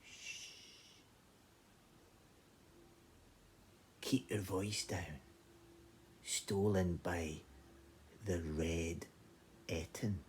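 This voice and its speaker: A Scottish man voicing a fearful, secretive shepherd in a told folk tale, speaking in a hushed whisper. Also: extremely low pitch, animated, very slow, a little hiss or hum, pitched below the performer's own voice, exaggerated voice. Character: wary old male shepherd, fearful and secretive. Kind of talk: oral storytelling.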